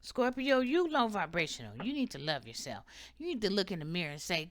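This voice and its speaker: Emphatic, bright-voiced tarot reader woman. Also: mid-range voice, big pitch swings, fairly quick, no room sound, clean studio sound. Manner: emphatic, preachy, repeats "okay?" often. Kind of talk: casual spiritual advice monologue.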